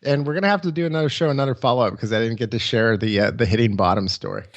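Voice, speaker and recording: A man in his forties chats as a podcast guest, rambling through an anecdote with plenty of fillers and chuckles. His voice sits at a middling pitch for a man. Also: very fast, dull audio. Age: 40s. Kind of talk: casual storytelling.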